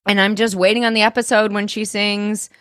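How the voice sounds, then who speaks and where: A young woman co-hosting a podcast, chatting animatedly as she recaps a TV episode with quick asides. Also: mid-range voice, level tone, fairly bright tone, dry recording, studio quality. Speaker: podcast co-host. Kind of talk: casual chat recapping a TV show.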